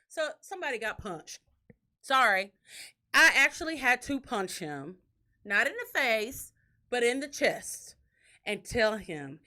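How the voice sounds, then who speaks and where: Animated high-voiced woman podcast host. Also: unhurried. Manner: animated, profane, acts out quotes in a shrill crying voice. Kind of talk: casual storytelling chat.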